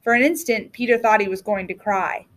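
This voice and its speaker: A woman teacher reading a children's picture book aloud, clear and expressive. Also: mid-range voice, a little fast. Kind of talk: storybook reading.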